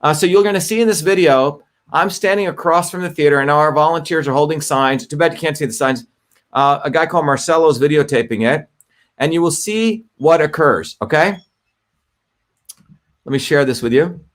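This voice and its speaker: A man's voice: fairly high pitch, normal speed. A middle-aged man hosting a livestream, talking the audience through a clip and checking in with "okay?". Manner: talkative, repeats "okay?" to the audience. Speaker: livestream host. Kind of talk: casual livestream commentary.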